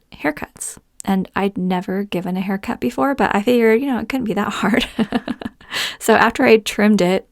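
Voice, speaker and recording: This podcast host, a middle-aged woman, has a creaky mid-range voice recorded cleanly in a studio without room sound. She shares personal stories in a chatty way and laughs a lot.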